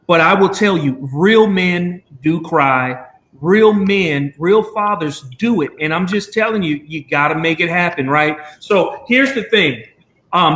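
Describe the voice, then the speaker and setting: A man's voice: a little high, a bit bright, roomy sound. A man hosting a live video chat, talking earnestly and rambling with many fillers. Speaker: show host.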